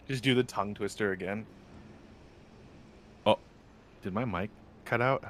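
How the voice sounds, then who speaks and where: A man with a somewhat low voice chats casually on a live stream. He rambles and jokes with his viewers. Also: slow, long pauses, a bit bright, a little hiss or hum. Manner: joking, rambling, chatty with viewers.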